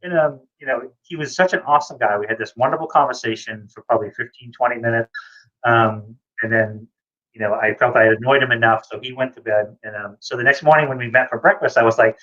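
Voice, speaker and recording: A middle-aged man from the United States telling anecdotes in a casual video chat, excitable and acting out voices. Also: medium pitch, a little fast. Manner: excitable storyteller, acts out voices. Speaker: comics creator, co-host. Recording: muffled lo-fi audio.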